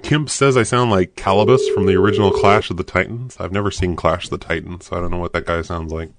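A man live-streaming prank calls with his voice pitched down by a voice changer, talking crudely and mocking as he reads the chat. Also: fairly even intonation, quick pace, very noisy. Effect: pitch-lowering voice changer. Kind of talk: prank-call livestream chat.

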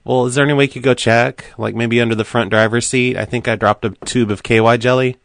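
A man making prank phone calls, keeping an innocent, deadpan tone while needling the people he calls. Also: medium pitch, quick pace, gravelly, dry recording, studio quality. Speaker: prank caller.

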